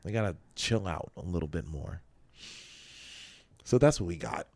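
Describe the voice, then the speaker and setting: A man's voice: low voice, lively intonation, moderate pace, gravelly, darkish tone, no room sound. A man co-hosting a podcast, chatting loosely through the news with a rambling, jokey manner. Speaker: podcast co-host. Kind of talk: casual news chat. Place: local radio studio.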